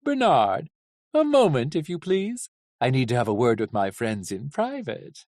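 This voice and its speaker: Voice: medium pitch, very animated, unhurried, dry recording, clean studio sound. A reader putting on a pompous coachman. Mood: smooth. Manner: blustering, loud, self-important. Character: pompous indignant male coachman.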